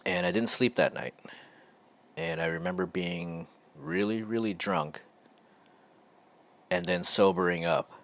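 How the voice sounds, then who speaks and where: Guy with a really low voice, podcast host telling his own story, halting and thoughtful. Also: big pitch swings, creaky, fairly bright tone. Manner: slow, halting and reflective, with frequent pauses and restarts. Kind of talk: candid personal storytelling.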